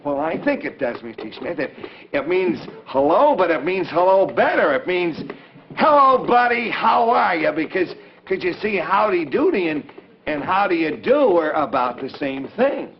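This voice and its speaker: A man voicing an eager, friendly boy marionette on a 1940s children's television show, with a bright, bouncy, sing-song delivery and drawn-out words. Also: a little high, sing-song, a little hiss or hum. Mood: earnest. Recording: dull old 1940s TV recording.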